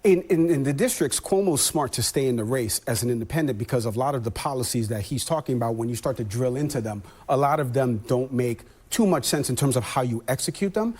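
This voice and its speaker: A husky-voiced man arguing on a cable news panel. He talks earnestly in long stretches, restarting phrases as he goes. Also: medium pitch, lively intonation, quick pace, hardly any pauses, darkish tone. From New York. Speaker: TV panel commentator.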